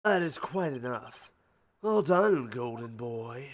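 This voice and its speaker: A man voicing a stern, menacing male prosecutor, speaking in a slow, grave manner. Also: mid-range voice, expressive.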